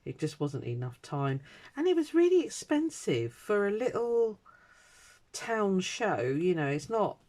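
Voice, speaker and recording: A woman's voice: mid-range voice, sing-song, measured pace, dark tone. Middle-aged British woman, casual rambling vlog chat, medium voice. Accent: British English. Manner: rambling, chatty, full of ums and uhs. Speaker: craft vlogger. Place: home craft desk.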